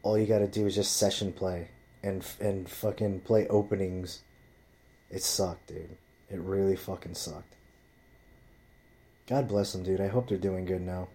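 A man's voice: low-pitched, steady tone, unhurried, long pauses, warm tone. A man telling rambling stories in casual chat, swearing constantly as he talks. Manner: profane, rambling storyteller.

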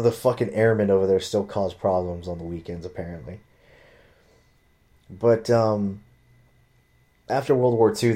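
A man with a lowish, warm, dark voice tells a story in a loose, rambling way. He swears often and jumps into other people's voices when quoting them. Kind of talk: casual storytelling.

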